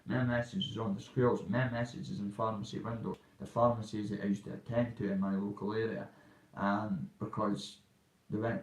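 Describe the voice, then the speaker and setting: A man's voice: lowish voice, flat delivery, moderate pace, reverberant, far from the mic, a little hiss or hum, rough recording. A man from Dundee with a Dundee Scottish accent, telling a rambling story in a casual vlog, full of fillers and asides. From Dundee, Scotland. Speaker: recovery vlogger.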